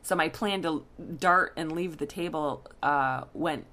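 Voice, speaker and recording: A woman's voice: sits low, a little slow, bright, forceful tone. A woman, working as a coach, tells a candid personal story to her listeners, with fillers and restarts.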